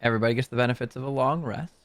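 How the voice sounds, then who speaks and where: A man's voice: medium pitch, racing, no room sound. A man running a tabletop game as game master, talking in a casual, matter-of-fact way.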